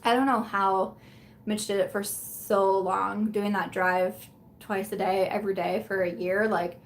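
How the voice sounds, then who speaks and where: A woman's voice: mid-range voice, little pitch movement, measured pace, a little hiss or hum. A young adult woman chatting casually on a live stream from home, rambling and tired, with fillers and restarts. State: tired, yawning. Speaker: beauty vlogger hosting a live chat.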